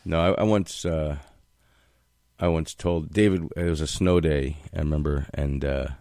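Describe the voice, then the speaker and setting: A man's voice: a bass voice, fairly even intonation, moderate pace, mellow, dry recording, clean studio sound. A man hosting a casual chat, telling family anecdotes and acting out voices in them. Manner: storytelling, acts out voices in anecdotes.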